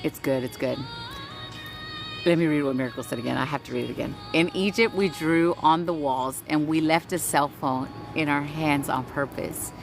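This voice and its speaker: A woman's voice: deep voice, normal speed, vocal fry, music in the background. A woman hosting a casual spiritual livestream, reading chat aloud, greeting viewers by name and urging them on with repeated "right?" and casual swearing.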